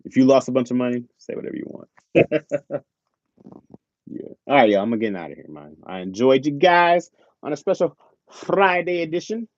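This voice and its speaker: A man's voice: medium pitch, lively intonation, moderate pace, long pauses, no echo, muffled recording. A man hosting a live stream, chatting casually and laid-back, swearing and saying "bro". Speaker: streamer host. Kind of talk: casual chat.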